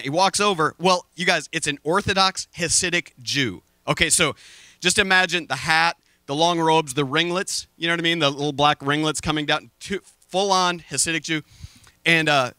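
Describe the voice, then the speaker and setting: A man preaching a sermon from a stage, telling a story with lively, acted-out quotes. He says he is sweating up here. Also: on the high side, no room sound. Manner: animated storytelling, acting out quoted voices. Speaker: pastor. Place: stage before a congregation.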